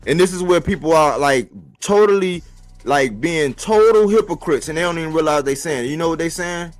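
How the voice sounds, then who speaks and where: Animated man ranting about boxing. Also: a little high, a little fast, soft background music. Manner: animated, rhetorical, slangy, repeats phrases. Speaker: boxing commentator. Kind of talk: casual boxing talk monologue. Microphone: live-stream mic.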